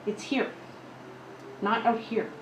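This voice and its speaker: A woman's voice: on the high side, fairly even intonation, slow pace. A woman speaking earnestly to an audience, encouraging them as a guest at her partner's talk. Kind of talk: short encouraging address to an audience. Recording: echoey room, faint noise.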